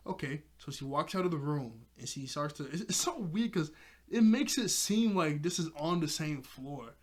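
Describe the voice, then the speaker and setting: A man with a somewhat high voice gives a casual, excited recap of an episode. He chuckles often as he retells the scenes. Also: moderate pace. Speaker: episode reviewer.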